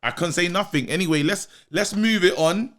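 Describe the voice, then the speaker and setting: A man, co-hosting a podcast in animated, slangy casual chat. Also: high-pitched, normal speed. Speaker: podcast co-host.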